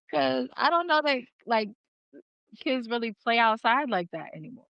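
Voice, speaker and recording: A woman's voice: sits high, sing-song, a little slow, vocal fry, a bit bright, no echo. A woman co-hosting a podcast in casual chat, talking emphatically and repeating words as she goes. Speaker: podcast co-host.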